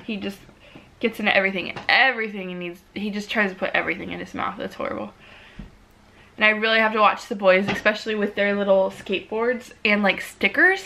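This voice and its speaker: Bright chatty young mom vlogger. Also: female voice, vocal fry, slight background noise. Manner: chatty, talks to her baby in a high sing-song voice. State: sick. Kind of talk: casual baby update vlog. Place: home living room. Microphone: camera on a tripod.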